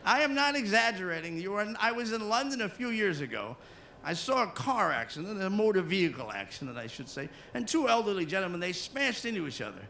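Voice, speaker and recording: A man's voice: high voice, sing-song, brisk, gravelly, bright, forceful tone, slight background noise. A man doing stand-up comedy as a cruise ship comedian, working the crowd and slipping into silly put-on voices. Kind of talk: stand-up comedy to a live audience.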